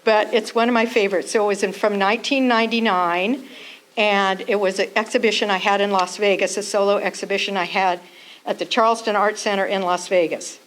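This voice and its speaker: A woman's voice: mid-range voice, fairly even intonation, fairly quick, a bit bright, slight background noise, poor audio. A woman artist speaking to a gallery crowd, a little out of breath and nervous, reading from an old review of her work. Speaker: featured artist giving a talk. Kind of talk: reading aloud and talking about her work. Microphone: handheld mic held by someone else.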